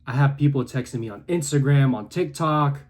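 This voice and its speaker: A young man in his twenties delivers a fervent, preachy talk straight to camera from his room. His voice sits at a middle pitch and swings between hushed, low moments and near-yelling bursts of conviction. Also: a little fast. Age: 20s. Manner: intense, preachy, swings between quiet and loud. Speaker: content creator. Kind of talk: passionate motivational monologue.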